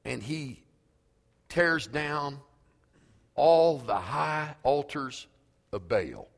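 A male pastor preaching a sermon slowly and emphatically, reading scripture aloud in a church. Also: medium pitch, lively intonation, creaky, in a large hall.

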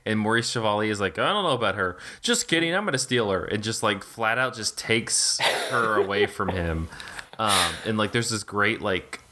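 A man's voice: on the low side, lively intonation, normal speed, pushed and bright. A man in casual film talk on a podcast, rambling with lots of fillers, restarts and swearing. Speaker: podcast co-host.

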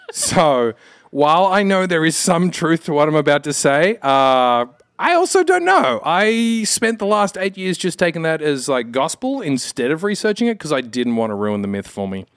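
An Australian man guesting on a podcast, his voice sitting a touch higher than most men's. He rambles through stories with plenty of self-mocking asides, recorded dry and close with no room echo. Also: lively intonation, normal speed, fairly bright tone, clean tone. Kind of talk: casual chat.

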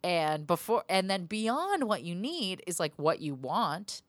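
A woman's voice: lowish voice, very animated, a little slow, few pauses, dry recording, clean studio sound. A woman hosting her own podcast, chatting loosely and swearing freely, with frequent laughs. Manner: profane, rambling, laughs often. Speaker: podcast host. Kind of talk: casual solo podcast pep talk.

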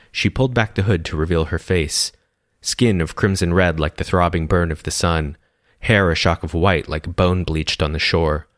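Man narrating a story, even, descriptive, very deep voice, dry sound. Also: no room sound.

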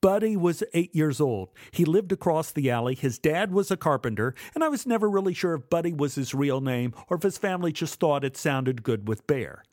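A man telling a first-person memoir story in a measured, dramatic way. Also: a little high, expressive, a little mellow, no echo, clean studio sound. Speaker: narrator.

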